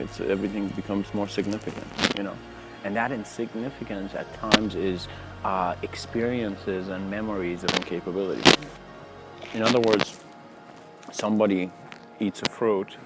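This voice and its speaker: Low-voiced man giving a relaxed lecture. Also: low-quality recording. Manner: relaxed, rambling, many fillers. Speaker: spiritual lecturer. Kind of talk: casual spoken lecture with storytelling. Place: outdoors near train tracks.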